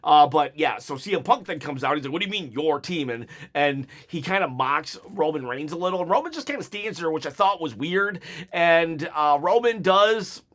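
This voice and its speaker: A man with a somewhat high-pitched voice talks through a wrestling show in a casual solo review. He rambles and restarts his sentences, chuckling at his own jokes. He slips into quick imitations of the wrestlers' lines. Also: animated, a bit bright. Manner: recaps wrestlers' lines in quick mimicked quotes.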